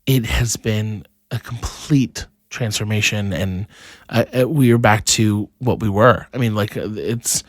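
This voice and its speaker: A man's voice: lowish voice, unhurried, no room sound, clean studio sound. A young man in a casual podcast conversation, telling a personal story earnestly with many restarts. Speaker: podcast guest.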